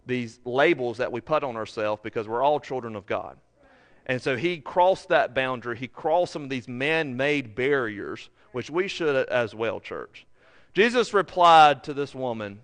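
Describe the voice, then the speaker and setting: A man's voice: medium pitch, fairly bright tone. A male pastor preaching a sermon, earnest and building to emphatic, repeated phrases.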